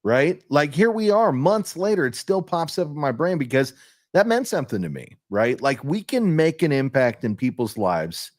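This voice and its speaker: A man's voice: a little high, sing-song, moderate pace, no room sound, clean studio sound. Upbeat, rambling male podcast host. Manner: upbeat, rambling, peppers talk with "right?" and "you know". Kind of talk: casual podcast chat.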